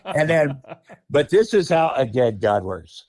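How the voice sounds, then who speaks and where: Animated, profane man telling a story. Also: on the high side, a little slow, dry recording, studio quality. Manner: animated, profane, laughs mid-sentence. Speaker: podcast guest. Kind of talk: casual anecdotal storytelling.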